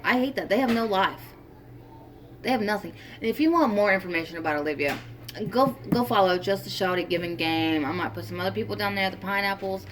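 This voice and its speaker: A woman's voice: medium pitch, a little fast, noisy background. A young woman vlogging casually about parenting and the weather, rambling with lots of fillers and restarts. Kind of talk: casual commentary vlog.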